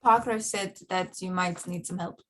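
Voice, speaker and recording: A woman's voice: on the low side, steady tone, normal speed, a bit bright, close to an everyday voice. Woman doing a russian-accent visitor, stiff and careful, bit of hiss. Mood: earnest. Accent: Russian, put on.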